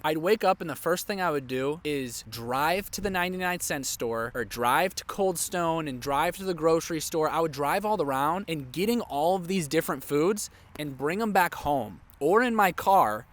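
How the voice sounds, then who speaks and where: Young male vlogger, slightly higher pitch, candid and animated personal storytelling. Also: moderate pace. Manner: candid, animated, heavy use of "like".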